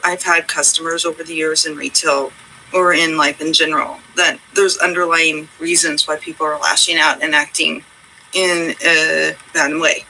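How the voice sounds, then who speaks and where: A woman's voice: fairly low pitch, pushed and bright, a little hiss or hum, poor audio. A woman talking straight to her viewers in a rambling, heartfelt pep talk, earnest and reassuring, repeating herself and using many fillers. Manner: conversational storytelling. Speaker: vlogger.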